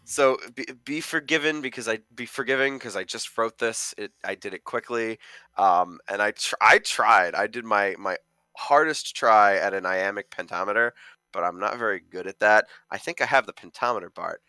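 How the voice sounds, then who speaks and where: A man's voice: fairly low pitch, normal speed, sharp tone, clear, resonant tone, no echo. A young man co-hosting a podcast, chatting casually about films and rambling with many fillers. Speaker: podcast co-host, amateur film critic. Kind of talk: casual chat.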